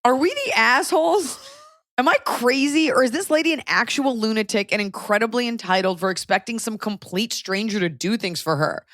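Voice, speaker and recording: A young adult woman hosting a podcast, reading a listener's letter aloud with animated, comic asides. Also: fairly high pitch, brisk, no room sound, studio quality. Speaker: podcast host.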